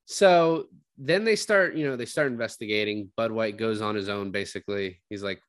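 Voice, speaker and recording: A man's voice: mid-range voice, lively intonation, moderate pace, hardly any pauses, no room sound. A man co-hosting a casual film chat, rambling and swearing freely as he retells scenes. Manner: rambling, profane, acts out quotes. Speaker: podcast co-host discussing a film.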